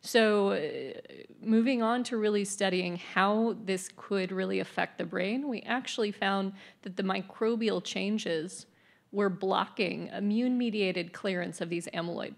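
A woman's voice: mid-range voice, gravelly. A woman researcher giving earnest, explanatory remarks at an event.

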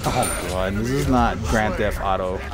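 A man streaming a game, chatting with friends, joking, swearing and laughing often over loud game music. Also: on the low side, a little slow. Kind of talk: casual gaming chat.

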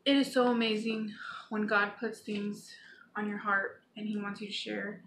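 A woman's voice: medium pitch, flat delivery, normal speed, fairly bright tone. A woman giving an earnest, pleading devotional talk to her viewers, reading scripture aloud now and then. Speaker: Christian vlogger. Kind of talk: informal spoken devotional. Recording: echoey room with faint background noise.

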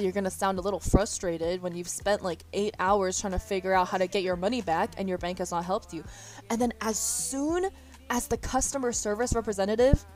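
A young woman streamer chatting casually with her viewers, rambling, swearing freely and laughing often. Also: on the high side. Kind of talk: casual chat. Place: indoors near a window. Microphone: iPhone as webcam.

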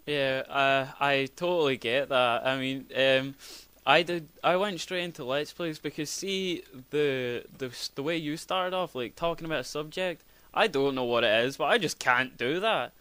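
A man's voice: fairly high pitch, normal speed, sharp tone, clear, resonant tone, no room sound. A young man as a podcast guest, talking casually in a rambling, hesitant way with many restarts. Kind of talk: casual chat.

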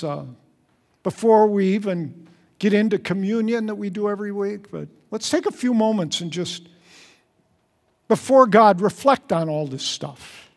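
A man's voice: sits high, darkish tone. A male pastor preaching a sermon in an earnest way, repeating key phrases for emphasis and leading the congregation. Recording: church service recording.

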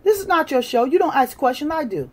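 A woman hosting a livestream, lecturing and challenging viewers in a combative way, moving from shouting to quiet muttering. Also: high voice, sing-song, fast talker. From United States. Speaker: livestream host. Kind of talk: live-stream rant to viewers.

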